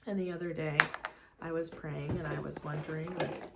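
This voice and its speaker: Chatty young woman, lower voice. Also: normal speed, heavy background noise. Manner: chatty, animated, lots of "like" and restarts. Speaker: faith vlogger. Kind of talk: casual get-ready-with-me chat. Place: at home.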